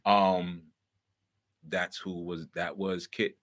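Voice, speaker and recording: A man's voice: on the low side, measured pace, sharp tone. A man hosting a talk and teaching in a casual, explaining way, posing rhetorical questions and checking in with the listener. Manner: lecturing, asks rhetorical questions, checks in with "right?". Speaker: host and teacher.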